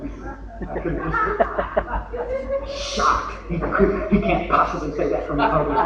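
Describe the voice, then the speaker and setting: A man's voice: high voice, a bit bright, slight background noise. A man with a Texan accent giving a folksy, joking recovery talk from the podium at a convention. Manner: folksy and joking, with acted asides. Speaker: convention speaker. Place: large convention hall. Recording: echoey hall, lo-fi, from far off.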